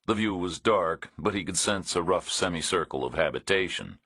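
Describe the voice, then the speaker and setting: Deep, husky male audiobook narrator. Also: bright, forceful tone, no room sound, studio quality. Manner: measured, understated reading. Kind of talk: scripted thriller narration.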